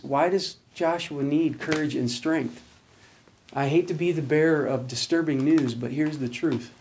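A man's voice: fairly high pitch, darkish tone. A man preaching a sermon, explaining scripture with earnest emphasis and reading verses aloud. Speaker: pastor.

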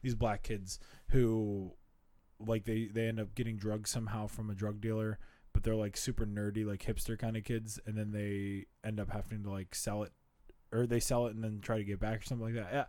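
Man, mid-twenties, low-pitched, dry close sound, rambling, casual chat. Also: little pitch movement, fairly quick, warm tone, no room sound. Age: 20s. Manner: laid-back, rambling, heavy on "like" and "dude".

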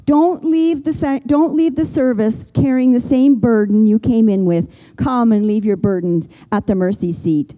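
An older woman preaching a sermon, earnest and gentle, slowing down and pausing for emphasis. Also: a little high, poor audio. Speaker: pastor.

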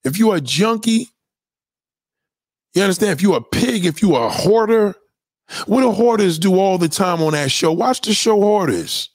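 A man's voice: sits high, lively intonation, moderate pace, no echo. A man giving blunt, profane opinions in a casual, emphatic rant, often repeating himself. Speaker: commentator.

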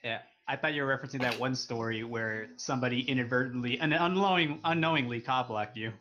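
A man with a bright, sharp-edged voice who chimes in with wry remarks during a podcast chat. His audio is dull and lo-fi, with a faint hiss underneath. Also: mid-range voice, fast talker. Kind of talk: casual chat. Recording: dull lo-fi mic with faint noise.

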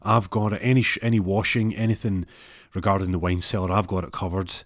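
A man's voice: low-pitched, flat delivery, quick pace, dry recording, studio quality, natural voice. A man playing a boastful, over-eager husband who works as a car dealer, blustering about looking after his wife. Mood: fussy.

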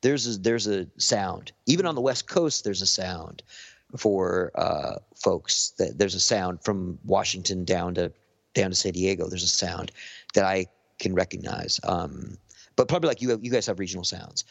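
A man's voice: sits low, moderate pace, creaky, dry recording. A man with a Southern Californian accent, a podcast guest chatting in a laid-back, rambling way with many fillers. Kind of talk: casual podcast chat. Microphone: close podcast mic.

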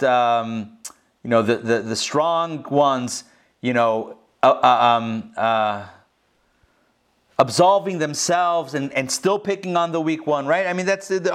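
A man's voice: medium pitch, fairly bright tone. A man, a rabbi, teaching a live Torah class in a conversational way, with lots of rhetorical questions. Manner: conversational, many fillers and restarts, rhetorical questions. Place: school classroom.

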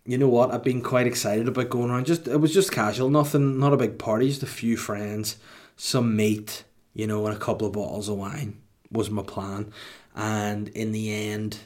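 Man rambling through a comic podcast. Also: on the low side. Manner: rambling, self-mocking, jokey. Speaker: podcast host. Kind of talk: comic solo podcast monologue.

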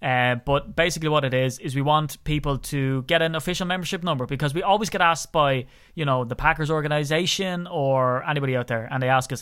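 A man's voice: fairly high pitch, fast, hardly any pauses, fairly bright tone, clean tone. Irish man ranting on a podcast. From Ireland. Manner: chatty, ranting, gets worked up. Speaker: podcast host. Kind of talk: casual podcast chat.

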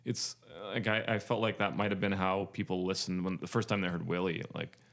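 This male podcast co-host speaks a little fast in a low-sitting, fairly bright voice with little pitch movement. His casual talk rambles, jokes around, and is full of fillers.

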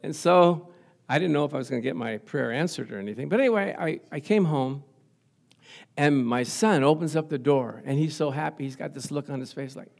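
Older man, pastor, humorous sermon, storytelling, frequent laughter, slightly high voice. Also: brisk, vocal fry. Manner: storytelling, laughs often, calls "Amen?" to the congregation. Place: church.

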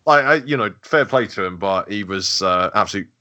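A man's voice: lowish voice, animated, a little fast, bright, forceful tone. A man chatting about football as a guest, hesitant with many restarts and laughs. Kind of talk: casual football fan chat.

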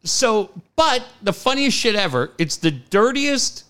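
A middle-aged man, co-hosting a sports talk show and telling stories in an excitable, profane way. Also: high-pitched, unhurried, smooth. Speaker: sports radio co-host. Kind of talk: casual chat.

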